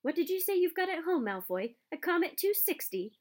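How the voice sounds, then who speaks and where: A cheeky, envious schoolboy with a high, boyish voice, played by a woman reading aloud. A storybook character who teases his rivals. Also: sing-song, a little fast.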